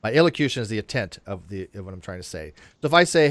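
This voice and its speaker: A man's voice: medium pitch, very animated, fast, few pauses, no echo. A man hosting a casual panel discussion, explaining ideas at length with frequent fillers and restarts. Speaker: host.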